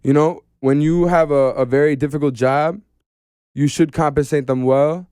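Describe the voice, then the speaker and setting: As a guest on a casual podcast, an animated man talks constantly in slang, saying "bro" again and again. His slightly high voice is smooth and clear at a moderate pace, with studio-quality sound in a dead, echo-free room.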